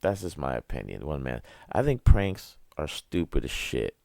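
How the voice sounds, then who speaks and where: A young man hosting a podcast, with a very deep voice, ranting casually and profanely, rambling and laughing at his own jokes. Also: sing-song, normal speed, gravelly, dark tone, no room sound, studio quality. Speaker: podcast host.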